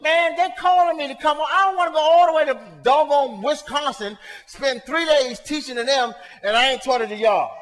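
A male pastor preaching a sermon to his congregation, swinging between soft asides and shouted points, talking to them in a casual, colloquial way. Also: very high voice, fairly quick, hardly any pauses, big-room sound. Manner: colloquial, talks straight to the congregation. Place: church sanctuary.

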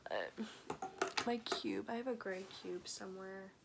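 A woman's voice: medium pitch, sing-song, unhurried, vocal fry, heavy background noise. A young woman rambling in a casual video diary, often dropping into a whisper. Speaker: vlogger.

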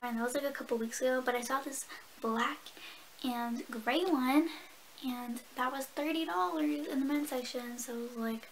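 High-voiced, chatty young woman vlogger. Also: moderate pace, slight background noise, poor audio. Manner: chatty storyteller, swears and laughs a lot. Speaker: beauty vlogger. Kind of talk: casual get-ready-with-me chat.

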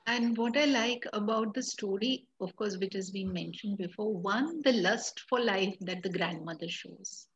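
A woman's voice: mid-range voice, moderate pace, hardly any pauses, highs cut off. A woman in a book club discussion, earnestly building her points step by step.

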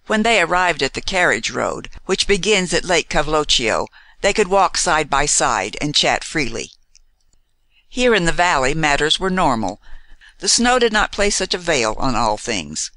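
Bright, animated male storyteller. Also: a little high, dry recording. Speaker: narrator. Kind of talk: scripted audiobook narration.

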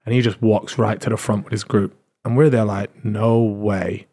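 A young British man on a podcast, telling a story in a casual, animated way, swearing freely and often restarting his sentences. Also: on the low side, a little fast, slightly rough. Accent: British English. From Britain. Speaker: podcast co-host.

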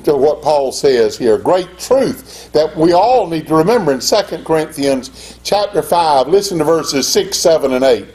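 An older man preaching a sermon as pastor, in an impassioned style that climbs to high, emphatic peaks. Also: a little mellow.

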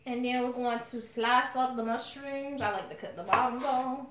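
A woman's voice: on the high side, steady tone, normal speed. A woman hosting a casual live cooking stream from her home kitchen, chatting with viewers and calling them honey and y'all. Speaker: cooking channel host. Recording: echoey room, faint noise.

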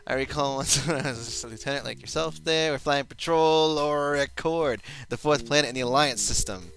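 A man's voice: medium pitch, moderate pace, fairly bright tone, natural voice. A man voicing a boisterous old veteran pilot with an Irish brogue, telling a war story. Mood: boastful.

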